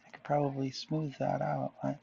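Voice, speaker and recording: A man's voice: mid-range voice, monotone, moderate pace, vocal fry, mellow, dull audio. A man chatting casually to viewers while drawing, rambling and musing aloud, often answering himself. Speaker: artist vlogger.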